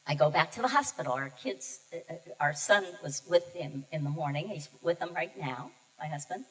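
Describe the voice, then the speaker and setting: A woman's voice: deep voice, expressive, a bit bright. Emotional older woman preaching in a reverberant hall. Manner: emotional, personal storytelling with pauses. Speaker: guest minister. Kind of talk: sermon. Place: church sanctuary. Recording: distant mic in a reverberant sanctuary.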